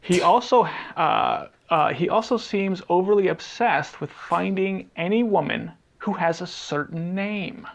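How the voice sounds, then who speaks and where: A man's voice: high voice, a little slow, vocal fry, few pauses, dull audio. A man co-hosting a podcast in casual chat, rambling and trailing off as he hunts for what he wants to say. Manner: rambling, trails off hunting for titles. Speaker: podcast co-host.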